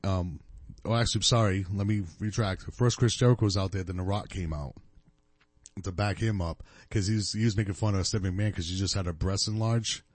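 Low-voiced man rambling through stories. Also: fairly even intonation, brisk, no echo. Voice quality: rambling, self-correcting storyteller. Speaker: podcast co-host. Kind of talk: casual chat.

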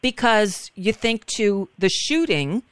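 A woman guest hosts a radio talk show in a casual, frank way, tripping over her words now and then. Her voice is smooth and clear, and the sound is dry and close to the mic. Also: medium pitch, very animated, slow pace, no echo. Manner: chatty, frank, with restarts.

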